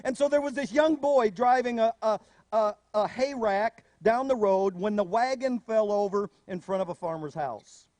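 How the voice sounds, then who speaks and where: High-voiced man preaching a sermon. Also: moderate pace, no room sound. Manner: storytelling, animated asides. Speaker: pastor.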